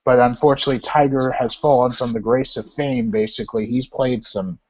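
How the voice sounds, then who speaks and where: A man's voice: mid-range voice, steady tone, a little fast, darkish tone. A man chatting as a guest on a casual live video call, easygoing and repeating himself. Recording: muffled lo-fi webcam audio.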